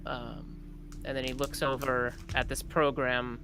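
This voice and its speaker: A player slowly narrating their character's scene in a tabletop role-play game, halting and full of fillers. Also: mid-range voice, little pitch movement, noisy background.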